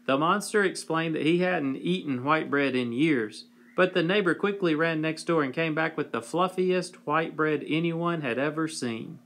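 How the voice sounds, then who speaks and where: A man reading a whimsical children's story aloud with a slow, wry delivery, sometimes clearing his throat. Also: a little high, fairly bright tone.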